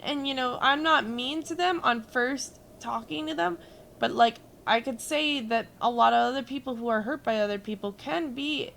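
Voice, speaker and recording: A woman's voice: a little high, creaky, fairly bright tone, slight background noise. A young woman chatting casually while gaming, telling a rambling story, swearing freely and answering viewers. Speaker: gaming streamer.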